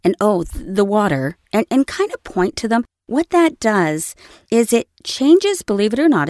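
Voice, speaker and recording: A woman with a medium-pitched, slightly mellow voice gives a conversational lesson on voice acting into a studio microphone, and the recording is dry. As a voice-over coach, she illustrates her points with little acted examples.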